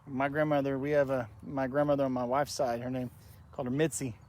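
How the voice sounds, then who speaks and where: A man hosting a paranormal vlog, talking softly and reverently as he walks outdoors. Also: mid-range voice, little pitch movement, brisk. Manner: soft-spoken, reverent, reads names aloud. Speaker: paranormal investigator host. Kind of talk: casual walking vlog narration. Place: outdoor cemetery. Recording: faint outdoor noise.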